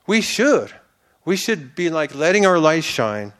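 Man with a slightly higher voice, telling his faith testimony; earnest, rambling, turns fervent like a preacher. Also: big pitch swings, measured pace, a bit bright. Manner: earnest and rambling, with many restarts and fillers; builds to fervent, preacher-like declarations. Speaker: church testimony speaker.

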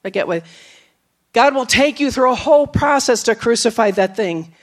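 A woman preacher giving a sermon, telling stories with acted quotes, moving from emphatic lines to soft, low asides. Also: normal speed. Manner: storytelling, with acted quotes and laughs.

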